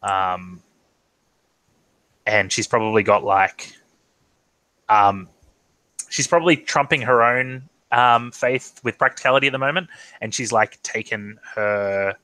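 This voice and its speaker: Man, game master, tabletop game narration, bright voice, lowish pitch, hesitant with ums, video call. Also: no room sound, poor audio. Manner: hesitant, full of ums and restarts. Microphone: online video call.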